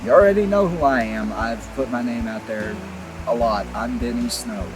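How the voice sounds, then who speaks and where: A man's voice: mid-range voice, moderate pace, music in the background, low-quality recording. A man hosting an outdoor hunting and fishing show, talking in a joking, rambling way while cold outdoors by a creek. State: cold, shivering. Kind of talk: casual outdoor vlog talk.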